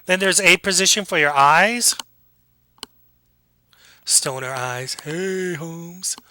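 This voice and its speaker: A man giving a casual classroom lecture, joking with students, acting out quick examples and checking in with a frequent "okay?". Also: fairly high pitch, lively intonation, sharp tone, slight background noise, poor audio. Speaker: college lecturer.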